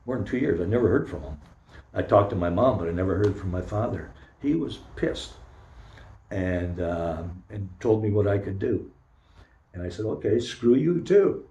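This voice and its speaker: Older man, low voice, roomy sermon. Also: warm tone, lo-fi sound. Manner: candid, halting storytelling with frequent pauses and fillers. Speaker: Zen priest giving a dharma talk. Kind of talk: informal personal sermon. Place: temple meditation hall. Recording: roomy echo.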